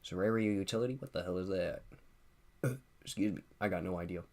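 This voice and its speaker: A man's voice: low voice, brisk, a little mellow. A young man hosting a casual livestream, chatting and reading viewer comments in a loose, profane, slangy way, often repeating himself and laughing. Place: at home streaming with a drink at hand.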